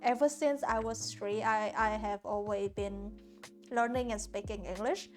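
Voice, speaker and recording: A woman's voice: medium pitch, fairly even intonation, unhurried. A woman from Hanoi whose first language is Vietnamese, chatting casually with her viewers while painting on stream, often restarting and searching for words. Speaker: art streamer. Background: soft lo-fi music.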